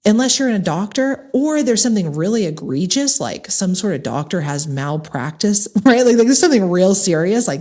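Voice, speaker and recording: A woman's voice: fairly low pitch, brisk, hardly any pauses. A middle-aged woman hosting a podcast, talking candidly and earnestly straight to her listeners in a personal monologue, with an American accent. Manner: candid and earnest, warm direct address with lively emphasis. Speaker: podcast host.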